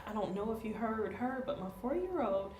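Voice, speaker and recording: A woman's voice: fairly high pitch, moderate pace, soft background music. A woman telling stories animatedly in a casual chat, laughing often and acting out what others said. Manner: lively, laughs often, acts out quotes. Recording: echoey room with faint noise.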